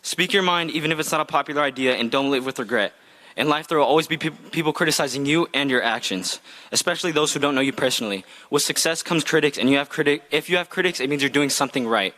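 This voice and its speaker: A man's voice: on the high side, fast, bright, forceful tone. Earnest young man giving a graduation speech. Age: young adult. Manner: earnest, heartfelt, read from a script. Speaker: graduating student speaker. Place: outdoor graduation ceremony.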